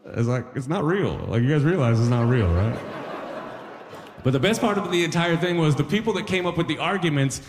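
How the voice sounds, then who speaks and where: A man's voice: fairly high pitch, lively intonation, brisk, background noise. Man doing stand-up in a reverberant hall. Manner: loose conversational delivery with many asides. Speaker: stand-up comedian. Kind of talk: stand-up set. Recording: live stage with long hall reverb.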